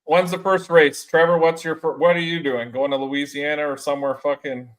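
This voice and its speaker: A man's voice: fairly high pitch, level tone, fairly quick, poor audio. Loose, profane man hosting a chat. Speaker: podcast host. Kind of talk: casual chat with friends.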